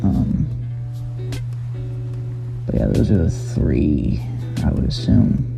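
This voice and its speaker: A man recording a short confessional video diary as a game contestant, speaking slowly and hesitantly. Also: extremely low pitch, sing-song, creaky, over music. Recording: dull lo-fi recording.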